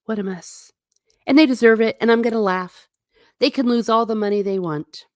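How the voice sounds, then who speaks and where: A woman hosting a casual livestream, reading out viewer comments and answering them in an animated, sarcastic way with blunt asides. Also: fairly high pitch, moderate pace, no echo, clean studio sound. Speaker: host.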